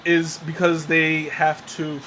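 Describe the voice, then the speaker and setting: Over heavy noise, a slightly high male voice carries a casual home tea-tasting livestream. The host rambles and mocks himself, sweating and short of breath after choking, with a fan going in the room.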